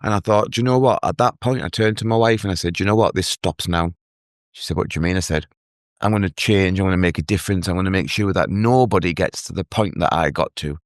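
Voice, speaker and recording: An earnest man telling his own story as a guest in an interview, halting and restarting as he speaks. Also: low-pitched, dry recording, studio quality. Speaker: guest, mental health advocate. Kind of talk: emotional personal story in an interview.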